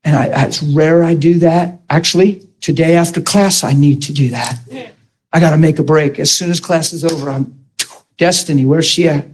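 A man's voice: a little high, steady tone, moderate pace, a little mellow, slightly rough. A man preaching to a class in a sermon-style talk, emphatic and often asking the listeners if they follow him. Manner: emphatic, with rhetorical questions to the listeners.

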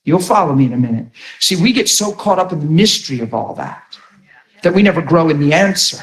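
A man's voice: a little high, expressive, brisk, roomy sound. A man preaching a sermon in a conversational, emphatic way, often repeating words as he starts a thought.

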